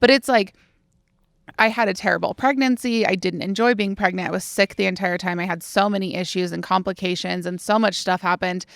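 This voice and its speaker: A woman's voice: mid-range voice, fairly even intonation, brisk, creaky, no echo, studio quality. A woman in her late twenties co-hosting a podcast in casual chat, talking freely with lots of fillers and acting out what other people say. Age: 20s. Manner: chatty, many "like" fillers, acts out others' lines. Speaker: podcast co-host.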